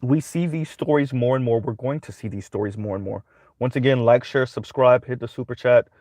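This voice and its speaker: A man talks his way through a monologue in a casual, conversational way. He keeps tagging his points with "right?" The sound is dry and close, with no room in it, and his voice sits at a middling pitch. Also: brisk, a little mellow, no room sound. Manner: conversational, repeats "right?" often. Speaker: commentary channel host.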